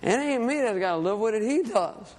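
A man's voice: sits high, expressive, brisk, darkish tone, long reverb tail. A man preaching a sermon, telling a personal story in an earnest, conversational way. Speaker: lay preacher and fishing guide.

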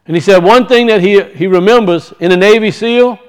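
A man's voice: sits high, smooth. A male preacher reading scripture and explaining it, often restarting his sentences. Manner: reads scripture slowly, then explains it with frequent restarts.

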